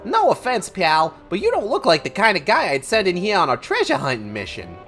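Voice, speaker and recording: A woman's voice: medium pitch, huge pitch swings, a little fast, fairly bright tone, voice pushed up. A brash, scheming male cartoon cat with a nasal, brassy voice, as a woman puts him on. The voice swoops wildly up and down, with faint music underneath.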